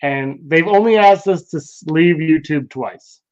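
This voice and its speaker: Man, podcast host, casual chat, rambling, laughs a lot, fairly high pitch. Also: unhurried, a little mellow. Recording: dull lo-fi sound.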